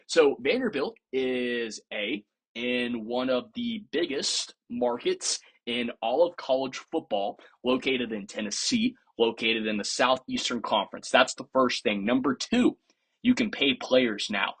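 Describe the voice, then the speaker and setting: Man, husky voice, pitch swings a lot, podcast host, opinionated sports talk, playful sarcasm. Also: expressive, a little slow, fairly bright tone. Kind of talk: casual sports commentary.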